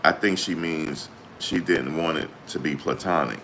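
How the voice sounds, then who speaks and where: A man with an extremely deep, low voice talks through courtroom news in a loose, slangy way. He gets worked up, exclaims and hammers the same point again and again. A faint hiss of noise sits under his voice. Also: normal speed. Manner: excitable, slangy, exclaiming and repeating himself. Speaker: commentator. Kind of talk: trial reaction commentary.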